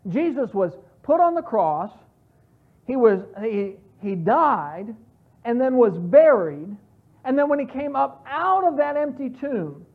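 A woman's voice: sits high, lively intonation, takes it slowly. A woman teaching a Bible study, explaining scripture in an earnest, emphatic way with frequent restarts. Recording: tinny phone-like sound.

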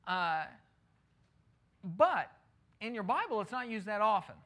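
A man's voice: high voice, sing-song, unhurried, fairly bright tone. A middle-aged man preaching a sermon in a conversational way, often asking his listeners rhetorical questions. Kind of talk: sermon, Bible teaching.

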